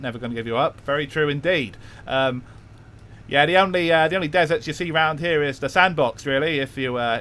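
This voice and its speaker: A man voicing a cheeky Cockney punk in a put-on London accent, rattling off fast auctioneer patter on a game stream. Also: on the high side, fairly bright tone, lightly acted. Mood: chatty.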